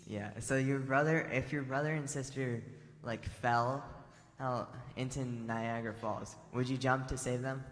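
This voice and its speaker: A man telling a spiritual story to a temple assembly in a casual way, full of fillers and restarts. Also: mid-range voice. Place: large temple assembly hall. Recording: long reverb hall.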